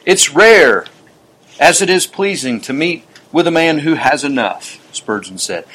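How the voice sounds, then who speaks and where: A man preaching a sermon, reading quotations aloud and adding chuckling asides. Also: on the high side. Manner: reads quotes aloud with warm asides and chuckles.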